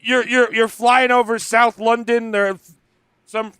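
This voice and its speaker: High, bright man with goofy riffs. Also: takes it slowly, clean tone, no room sound, studio quality. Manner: goofy, excitable absurd riffs. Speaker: podcast co-host. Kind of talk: casual comedic banter.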